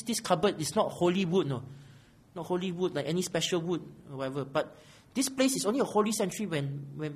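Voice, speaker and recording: A man's voice: high voice, slightly rough. A man preaching an expository sermon in a small church room, often asking "right?" and swelling on key phrases. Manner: questioning, often asks "right?".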